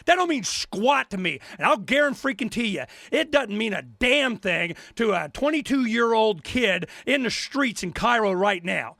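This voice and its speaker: A man hosting a talk radio show, ranting with sarcasm, repeating himself and breaking into shouts. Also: sits high, animated, normal speed, vocal fry, few pauses, no echo. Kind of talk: angry radio rant.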